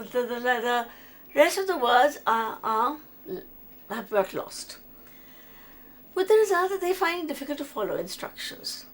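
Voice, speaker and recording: A middle-aged woman, giving a conversational lecture. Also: sits high. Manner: conversational, with restarts and examples. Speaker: lecturer on autism.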